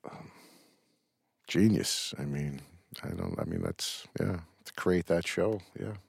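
A man's voice: sits low, slow pace, vocal fry, darkish tone, husky, dry recording, clean studio sound. A middle-aged man, an actor, telling rambling stories with restarts and casual swearing in an interview.

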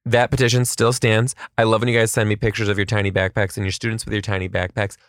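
A man, a schoolteacher, hosting a comedic solo podcast with quick asides and rhetorical questions. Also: on the low side, little pitch movement, no room sound, clean studio sound.

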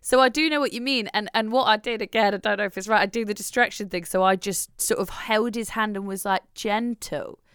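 A woman's voice: mid-range voice, fast talker, hardly any pauses, a bit bright, clean tone, no room sound, clean studio sound. A woman in her thirties co-hosting a podcast, talking through parenting in a thoughtful, self-questioning way. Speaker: podcast co-host. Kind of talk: casual chat.

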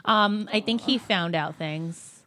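A woman's voice: mid-range voice, slow pace, sharp tone, dry recording. A woman guest speaking in casual chat, telling a heated story in a blunt, profane way. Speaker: podcast guest, former reality TV cast member.

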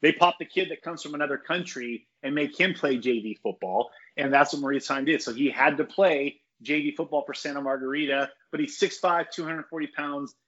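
A man's voice: fairly high pitch, a little fast, hardly any pauses, fairly bright tone, muffled recording. A man giving his opinions on college football in a casual podcast chat. He rambles with restarts and strong takes.

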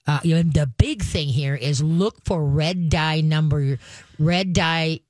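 A woman with a low, slow, slightly mellow voice hosts a call-in radio show as a dog trainer. She gives casual advice in a chatty, folksy way, acting out firm commands.

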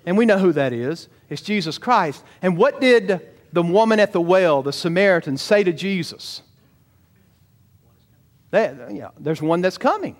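A man preaches a sermon, animated and lively. He keeps turning to the congregation with rhetorical questions. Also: high voice, unhurried. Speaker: pastor.

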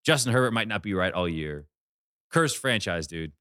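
A man hosting a casual sports betting chat, talking fast in animated bursts. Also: sits low, no echo, clean studio sound. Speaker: sports betting podcast host.

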